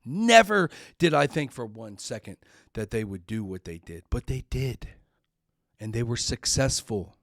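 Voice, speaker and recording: A middle-aged man speaks slowly and earnestly on his podcast, telling a personal story. His voice is emotional and sits at an ordinary pitch. The sound is dry and close, with no room echo. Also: expressive, creaky, a bit bright. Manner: earnest, emotional, repeats words when upset. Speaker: podcast host.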